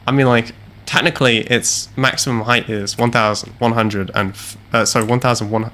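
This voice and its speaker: A young man doing live gameplay commentary from his home gaming setup on a headset mic, theatrical and self-mocking, with loud mock-heroic outbursts. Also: medium pitch, steady tone, moderate pace, a little hiss or hum. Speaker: game streamer.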